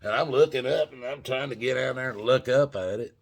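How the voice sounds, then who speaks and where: A man's voice: medium pitch, a little fast. An older man telling a long, rambling story to his viewers in a loose, profane, casual way. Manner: loose, profane, talks straight to viewers as "folks".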